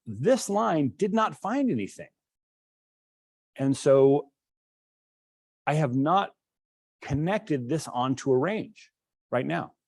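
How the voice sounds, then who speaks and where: A male instructor lectures to a class, talking through his code as he demonstrates it and restarting phrases as he thinks. His voice sits at a middle pitch. The sound is dry and close, with no room echo. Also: a little mellow.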